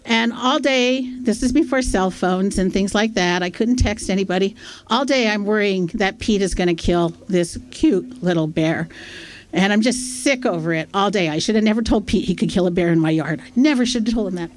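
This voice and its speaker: A woman's voice: medium pitch, moderate pace. Chatty, self-deprecating woman telling a story. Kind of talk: live storytelling, casual anecdote. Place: stage at a small-town storytelling festival.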